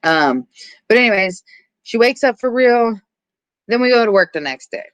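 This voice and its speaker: Casual podcast host rambling through a movie plot, swears a lot, dry close sound, middle pitch. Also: clear, resonant tone, no room sound, highs cut off. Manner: animated retelling with profanity and filler words; acts out characters' lines in quick asides. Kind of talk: casual movie recap chat.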